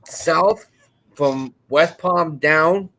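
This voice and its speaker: A man's voice: on the high side, drawn-out words, pushed and bright. A man from the northern US chatting casually as co-host on a live stream, rambling into stories. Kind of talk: casual chat.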